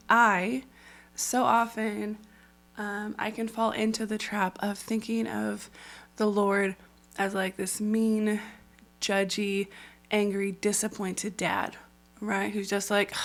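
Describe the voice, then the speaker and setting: A woman speaks in a casual, earnest way about faith, with a voice of ordinary pitch for a woman. She is chatty and full of "like" fillers. She often breaks into high, squealy little quotes. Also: little pitch movement, takes it slowly. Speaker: Christian devotional creator. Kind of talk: casual faith talk to camera.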